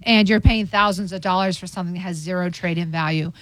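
A middle-aged woman from England, a jewelry store owner chatting on a talk show, animated and persuasive. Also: fast, no room sound. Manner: animated, persuasive, sales pitch. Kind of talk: casual chat.

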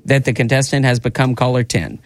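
A man's voice: medium pitch, flat delivery, fairly quick, soft background music. A man hosting a radio call-in contest from a studio, upbeat and teasing the caller. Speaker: radio host. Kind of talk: morning radio call-in game.

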